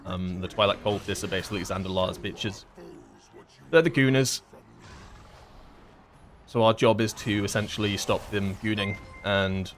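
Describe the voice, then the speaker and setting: A man's voice: lowish voice, little pitch movement, a little fast, hardly any pauses, a little hiss or hum. A man streaming a game and explaining mechanics in a casual, rambling way with lots of fillers. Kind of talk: casual gameplay commentary.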